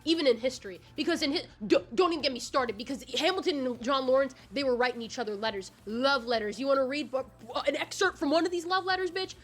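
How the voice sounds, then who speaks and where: A woman in her twenties recapping musicals in a casual video commentary, sarcastic, excitable and quick to swear. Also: high voice, soft background music. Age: 20s. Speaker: YouTuber.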